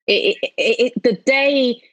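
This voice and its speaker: A woman's voice: a little high, measured pace, no echo, low-quality recording. A young woman co-hosting a casual chat, rambling with many fillers and frequent giggles. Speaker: podcast co-host.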